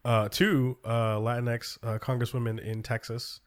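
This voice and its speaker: A man's voice: mid-range voice, level tone, a little slow. A man hosting a casual talk show, running loosely through news with lots of ums and restarts. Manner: loose, filler-heavy rundown of news. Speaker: podcast host. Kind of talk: casual political chat.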